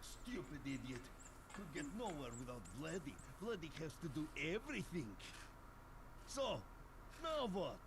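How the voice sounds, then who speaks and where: An actor playing a rude, bossy talking bear in a video game who insults the player and speaks of himself by name. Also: male voice, fairly high pitch, big pitch swings, a little slow, background noise. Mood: insulting. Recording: with game music behind.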